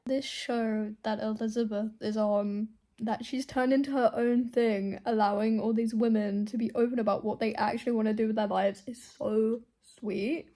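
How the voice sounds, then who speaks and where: A young woman chatting casually through a reading vlog at home, emotional and swearing freely, drifting between soft murmurs and excited outbursts. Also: a little high, moderate pace, hardly any pauses. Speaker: book vlogger.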